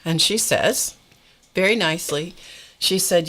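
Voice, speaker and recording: Middle-aged female host, low-pitched, unhurried, exasperated storytelling chat. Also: fairly bright tone. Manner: wry, exasperated, laughs often. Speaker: host of a live art stream.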